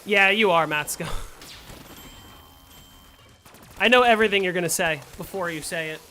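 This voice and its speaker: A man's voice: high voice, slow pace, pushed and bright, a little hiss or hum. A young man streaming a game and chatting casually with his viewers, answering them with playful sarcasm. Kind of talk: casual live-stream chat while playing.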